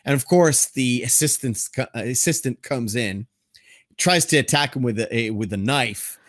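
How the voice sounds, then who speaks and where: Male podcast host, mid-pitched, dry close sound, walks through a plot with hesitant fillers. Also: moderate pace, a bit bright, no room sound. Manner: agreeable, many yeahs, hesitant fillers. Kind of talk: casual movie discussion.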